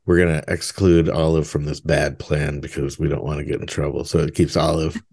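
Podcast co-host, male, 30s, very low voice, loose and jokey. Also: flat delivery, fairly quick, gravelly, darkish tone, breathy edge. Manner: rambling, jokey, laughs often. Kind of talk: casual chat.

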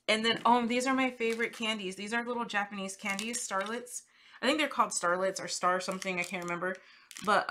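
A woman hosting a crafting channel, chatting casually and gushing excitedly as she unboxes gifts at her desk. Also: mid-range voice. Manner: gushing, excitable, squeals over cute items. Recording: clear background noise, paper crinkling.

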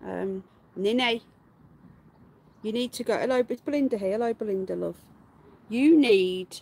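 A woman's voice: medium pitch, unhurried, creaky, long pauses, husky. Chatty woman scolding pets. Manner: chatty, greets viewers by name, scolds her pets loudly. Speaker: live stream host. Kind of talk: casual live stream chat. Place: garden outdoors.

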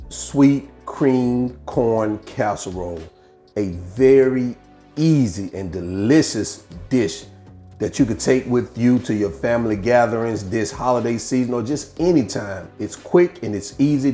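A man hosting a casual home cooking video, chatting in a relaxed way as he tastes his dish. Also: medium pitch. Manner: laid-back, chatty, tastes food on camera. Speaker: home cook and channel host.

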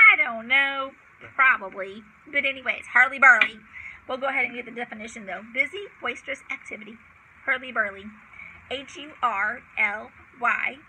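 Woman teacher, higher pitch, gravelly, slow patient spelling, chatty. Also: bright, forceful tone, slight background noise, low-quality recording. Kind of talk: homeschool vocabulary lesson, spelling words aloud.

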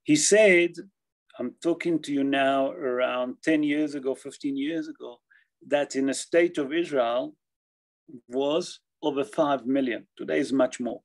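A man teaching a Torah class as a rabbi, explaining Jewish law in a halting way, often repeating and restarting phrases and checking in with his listeners. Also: mid-range voice, vocal fry, rough recording.

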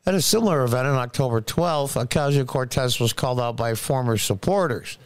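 A man's voice: medium pitch, fairly quick, clear, resonant tone, no echo. Scornful male commentator, dry close voice. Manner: scornful, sarcastic, repeats words for emphasis. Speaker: political commentary host. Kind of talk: opinionated political commentary.

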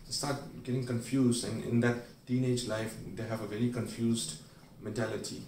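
Recorded from a distance in a roomy space with a bit of background noise, a man teaches a medical mnemonic. He tells everyday stories and briefly plays the characters, speaking at a normal speed in a medium, level, darkish voice.

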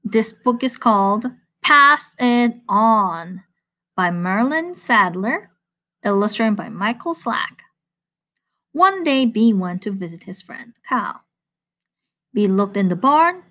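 A woman reading a children's picture book aloud at bedtime, playful and animated. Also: a little high.

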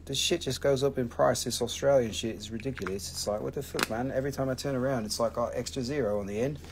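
A man's voice: medium pitch, quick pace. Middle-aged male host for a live shop sale: casual, profane, rambling, faint room noise. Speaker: host selling rocks and minerals on a livestream. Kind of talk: casual live sales chat. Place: family-owned rock and mineral shop.

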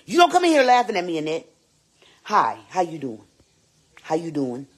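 A sassy, vain woman babysitter voiced by a performer in a live-streamed comedy skit. The voice is husky and leaps wildly between low mutters and high squeals. She teases loudly and repeats her lines over and over. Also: animated, slow, heavily acted. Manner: loud, teasing, repeats lines, swoops up into squeals.

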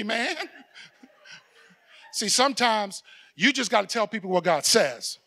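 High-pitched gravelly preacher guy telling stories, bright sharp voice, shouts the big points. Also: very animated, slow pace, pauses often. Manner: storytelling preacher acting out dialogue, shouting for emphasis. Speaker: pastor. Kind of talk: sermon.

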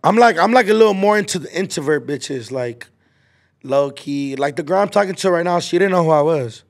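Gravelly young man telling a rambling story. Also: on the high side, animated, fairly quick. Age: 20s. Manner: rambling storyteller, lots of filler and slang. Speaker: podcast host. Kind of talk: casual chat.

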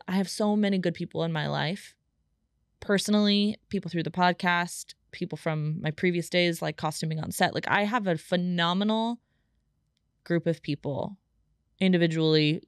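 A woman's voice: on the low side, no room sound. A young woman hosting a solo podcast, talking in a chatty, emotional way and leaning on "like" a lot, recorded in a podcast studio. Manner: chatty and emotional, heavy use of "like". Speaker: podcast host.

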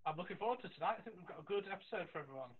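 A man co-hosting a podcast, quick and teasing in his dry remarks. His voice is a little high and slightly husky, and it comes through a thin, tinny, phone-like line. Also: expressive. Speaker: podcast co-host. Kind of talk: casual chat.

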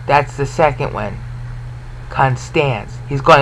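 A man giving an informal Bible lesson, explaining and pausing to ask the listener questions. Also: medium pitch, gravelly, fairly bright tone, a little hiss or hum, poor audio. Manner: explanatory, repeats and restarts words, asks listener questions. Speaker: Bible teacher.

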